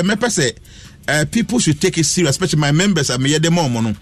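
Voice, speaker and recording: A man's voice: fairly high pitch, animated, fast, faint music behind. A man with a Ghanaian accent telling stories on a radio talk show, mixing Twi and English animatedly. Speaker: astrologer guest.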